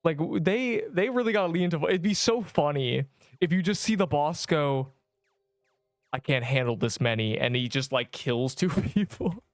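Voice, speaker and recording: Male game streamer, slightly high voice, excitable and rambling, quick laughs. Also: no room sound, clean studio sound. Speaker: livestreamer. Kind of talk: gameplay livestream commentary.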